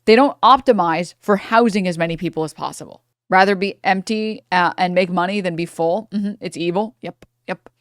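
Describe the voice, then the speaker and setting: A woman's voice: fairly low pitch, normal speed, few pauses, dry recording, clean studio sound. Heated, profane woman streamer ranting. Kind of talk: live stream reaction commentary.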